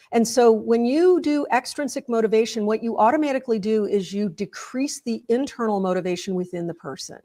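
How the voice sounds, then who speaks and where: A woman's voice: medium pitch, a little mellow. A woman guest on an interview show, earnestly explaining ideas with stories and examples.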